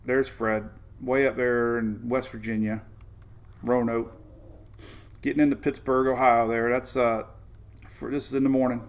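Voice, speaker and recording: A man's voice: mid-range voice, little pitch movement, unhurried, pauses often. A man hosting a casual live weather show, chatting and rambling as he walks through radar maps and reads viewer comments. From Florida, United States. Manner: rambling, chatty, vents then jokes.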